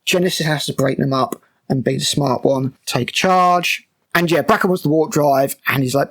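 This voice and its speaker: Exasperated gravelly man reviewing a show. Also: fairly high pitch, moderate pace, fairly bright tone. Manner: exasperated, mocking, with frequent fillers and restarts. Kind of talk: sarcastic episode breakdown.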